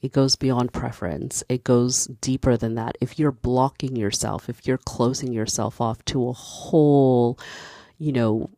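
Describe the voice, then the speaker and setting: A woman's voice: rumbling low, mellow, no room sound, clean studio sound. A woman giving casual opinion commentary, candid and passionate, building to emphatic points.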